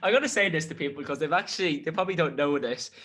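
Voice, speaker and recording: Chatty young man, quick and lively. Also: a little high. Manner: lively, rambling, laughs often. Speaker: podcast co-host. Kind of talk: casual chat. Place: remote, on a video call from abroad.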